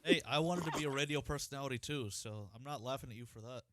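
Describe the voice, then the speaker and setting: A man co-hosting a podcast in casual chat, blunt and slangy with quick reactions. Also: mid-range voice, noisy background. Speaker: podcast co-host.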